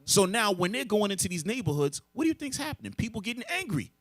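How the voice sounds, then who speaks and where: A man's voice: high-pitched, very animated, fast, few pauses, no echo. A man preaching a lesson to a group, emphatic and full of rhetorical questions. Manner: emphatic, asks rhetorical questions and answers them. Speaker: religious teacher.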